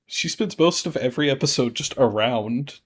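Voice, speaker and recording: A man's voice: medium pitch, animated, normal speed, fairly bright tone. A man chatting casually on a podcast, joking loosely and laughing often. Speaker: podcast panelist. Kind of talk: casual chat.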